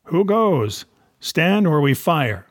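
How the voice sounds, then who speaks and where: A man's voice: on the high side, very animated, slow, no echo, voice pushed up. A man voicing a stern ship's captain who gives clipped, commanding orders, in a dry, close-miked reading.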